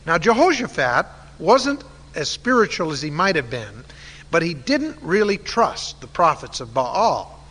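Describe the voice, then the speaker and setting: A man's voice: on the high side, sing-song, unhurried, bright, forceful tone, breathy edge. A man telling a Bible story in a sermon, conversational and full of uh fillers. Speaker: Bible teacher. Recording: long hall reverb.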